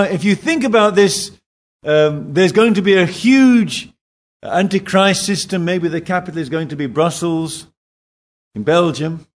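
Slow, animated male preacher. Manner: slow, emphatic preaching with lively pitch swings. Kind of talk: sermon.

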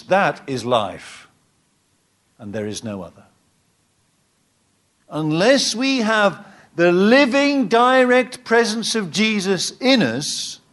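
Animated man preaching a sermon. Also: high-pitched. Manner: emphatic, swings between rising exhortation and quiet asides.

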